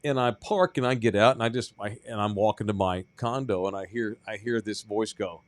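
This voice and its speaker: A man's voice: fairly low pitch, a little fast, few pauses, no echo. A man co-hosting a sports radio show, chatting casually and acting out the people in his stories. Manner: animated storyteller, acts out shouted quotes. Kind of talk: casual sports talk banter.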